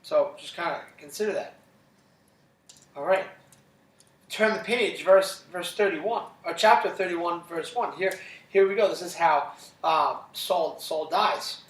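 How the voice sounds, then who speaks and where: A man's voice: sits high, a little slow, roomy sound, far from the mic. A man teaching a casual classroom Bible lesson, retelling scripture conversationally and checking in with listeners after nearly every sentence. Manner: conversational, checks in with "right?" constantly.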